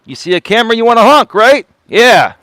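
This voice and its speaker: A man's voice: extremely high pitch, big pitch swings, a little fast, bright, forceful tone, no echo. A man, a life coach, talking on a live walking stream in an indignant, lecturing way, often repeating himself. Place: outdoors walking.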